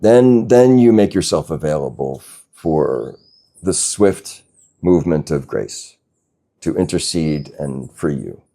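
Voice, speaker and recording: A man giving a slow, gentle spiritual talk as a teacher, reflective and unhurried, now and then laughing softly. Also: rumbling low, expressive, gravelly. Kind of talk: satsang talk.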